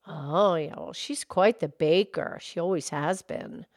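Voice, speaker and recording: Woman doing Mildred, a calm cow co-host. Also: lowish voice, a little slow, no room sound, studio quality. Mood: gentle. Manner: gentle, reassuring, explains facts patiently. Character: calm, kindly, knowledgeable female cow co-host. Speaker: podcast co-host. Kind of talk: in-character kids' podcast chat.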